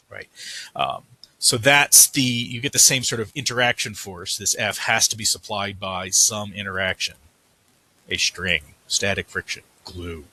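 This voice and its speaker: A man's voice: lowish voice, normal speed, bright, forceful tone, husky. A man giving a recorded physics lecture, working through a problem at the board, thinking aloud and correcting himself as he writes. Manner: thinking aloud, self-correcting while writing.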